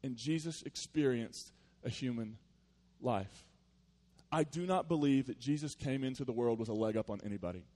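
Male pastor, mid-pitched, chatty sermon delivery, jumps from loud bursts to hushed earnest points. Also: moderate pace, no echo. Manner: conversational, storytelling, with playful asides; swings from loud animated bursts to quiet earnest tones.

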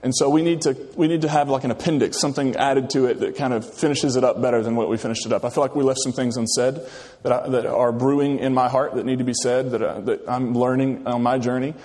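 A man's voice: medium pitch, fairly even intonation, darkish tone. A male pastor delivering a casual, conversational sermon, often restarting his phrases. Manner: conversational, halting, many restarts. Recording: long hall reverb.

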